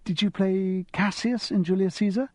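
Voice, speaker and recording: A man voicing a young posh English girl with an English public school accent, bright, giggly and eager. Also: high-pitched, fairly even intonation, normal speed, dry recording, clean studio sound, pitched above the performer's own voice. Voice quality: bright and girlish.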